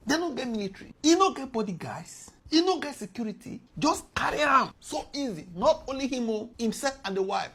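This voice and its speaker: A Nigerian woman hosting a casual news explainer, telling the story in lively fashion with frequent chuckles. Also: fairly high pitch, moderate pace, few pauses, slightly rough. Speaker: host.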